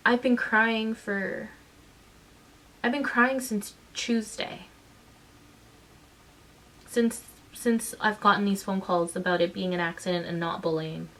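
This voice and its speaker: A woman's voice: mid-range voice, fairly even intonation, slow pace, pauses often, fairly bright tone. A mother speaks straight to her camera in a mid-range voice, raw and close to tears. Her frustration shows as she stumbles, restarts and presses her points with indignation. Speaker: mother and vlogger. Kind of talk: emotional personal vlog recounting.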